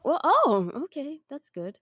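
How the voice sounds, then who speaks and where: A woman in a tabletop game, playful and lively, often hesitating mid-sentence. Her voice sits somewhat high and moves expressively in pitch. The recording is dry. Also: a little slow, no echo, muffled recording. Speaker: player. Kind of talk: casual tabletop play.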